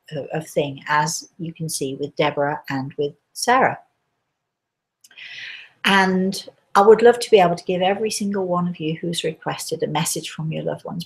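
Woman, fairly low voice, host, live talk, storytelling, hesitant, restarts sentences. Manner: hesitant, with many restarts and fillers. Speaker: host and spirit medium.

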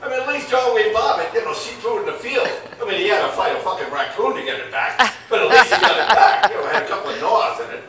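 A man's voice: high-pitched, lively intonation, fast talker, hardly any pauses. An older man performing open mic stand-up, rambling and laughing at his own jokes. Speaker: stand-up comedian. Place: comedy club. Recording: echoey club, far from mic, crowd. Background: audience laughter.

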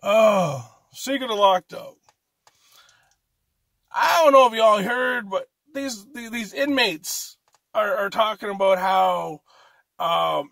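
High-voiced, slow-talking, profane comedian. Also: male voice, pushed and bright, no echo. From Canada. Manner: profane, rambling rant with frequent restarts. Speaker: amateur stand-up comedian. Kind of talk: stand-up comedy set.

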